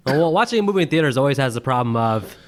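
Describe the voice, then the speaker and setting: A man at an ordinary pitch co-hosts a relaxed movie review conversation. He is animated and laughs often. He keeps breaking into exaggerated voices to act out lines and reactions. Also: rapid-fire. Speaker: podcast co-host. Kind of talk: casual movie review chat.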